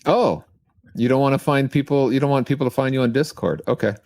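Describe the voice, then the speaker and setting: A man co-hosting a podcast, making quick jokes and asides. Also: mid-range voice, darkish tone. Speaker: podcast co-host. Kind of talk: casual chat.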